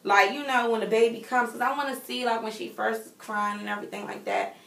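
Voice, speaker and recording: A woman's voice: a little high, a little fast. Chatty pregnant woman in an echoey room. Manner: chatty and expressive, talking straight to viewers. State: heavily pregnant. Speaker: vlogger. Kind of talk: casual chat to viewers. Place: home nursery room. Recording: echoey room, mic at a distance.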